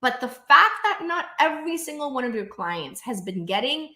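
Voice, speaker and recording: A bright, forceful woman coaching straight to camera, energetic and emphatic, with lots of "like" and "right?" tags. She slips into quick voiced asides of her clients' worried thoughts. The room around her rings with a noticeable echo. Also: high voice. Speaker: business coach. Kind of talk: direct-to-camera coaching monologue.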